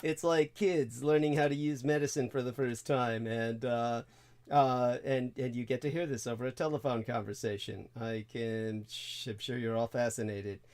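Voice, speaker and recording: A man's voice: mid-range voice, fairly even intonation, normal speed, a little mellow. A man hosting a casual chat, rambling with lots of fillers. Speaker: host.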